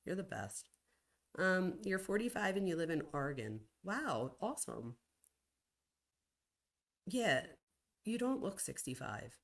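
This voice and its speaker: A woman in her forties hosting a casual livestream, reading out viewer comments in a chatty, gushing way, with sudden excited jumps in pitch. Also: measured pace, long pauses. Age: 40s. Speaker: livestream host and college professor.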